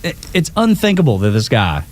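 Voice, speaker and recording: A man's voice: mid-range voice, huge pitch swings, a little fast. Chatty man hosting morning radio. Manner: chatty, laughing, many fillers. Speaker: radio co-host. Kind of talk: casual morning radio talk.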